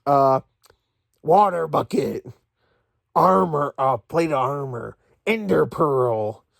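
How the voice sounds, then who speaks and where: A man mimicking a famous actor's slow, dim-witted delivery of movie catchphrases. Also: fairly high pitch, animated, gravelly, no echo, studio quality, full character voice. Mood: dopey.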